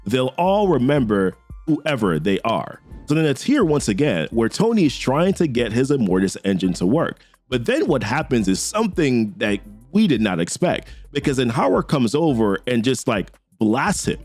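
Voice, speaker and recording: A man's voice: mid-range voice, normal speed, hardly any pauses, faint music behind. A man casually recapping a comic book story in a slangy, conversational way. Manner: slangy, conversational, lively delivery.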